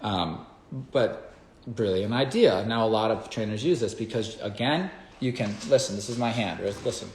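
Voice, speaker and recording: A man with a fairly low voice teaching dog training in an emphatic, casual way. He keeps turning to the listener with quick "okay?" and "right?" check-ins. His voice rings around an echoey room. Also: background noise. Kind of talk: casual instructional talk.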